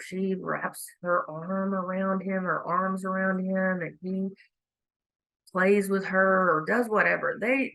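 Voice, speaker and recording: A woman's voice: lowish voice, vocal fry, fairly bright tone, rough recording. A woman speaking candidly to viewers, telling a personal story and reflecting on faith in a conversational way. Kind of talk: casual faith talk to viewers.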